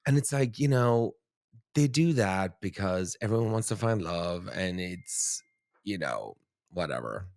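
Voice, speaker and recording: A man's voice: sits low, measured pace, creaky, dry recording. Irish-born man telling dating stories. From Ireland. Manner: animated storytelling, swearing, frequent "like". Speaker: podcast host. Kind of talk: casual chat.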